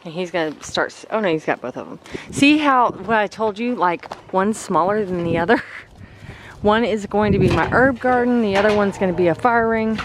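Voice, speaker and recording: A woman's voice: mid-range voice, animated, moderate pace. A woman vlogging casually while working in her backyard garden, chatting and thinking aloud. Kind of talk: casual yard-work vlog. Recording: loud outdoor noise.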